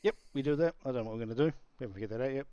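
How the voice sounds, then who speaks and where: A man's voice: medium pitch, very fast, dark tone. A man hosting a podcast, chatting casually, often repeating words and laughing between phrases. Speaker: podcast host. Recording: dry, dull lo-fi mic.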